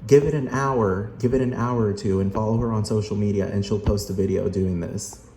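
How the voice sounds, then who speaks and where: Man, low voice, profane exasperated rant, roomy echo, faint noise. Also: steady tone, fairly quick, mellow. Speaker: vlogger. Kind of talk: ranting reaction commentary.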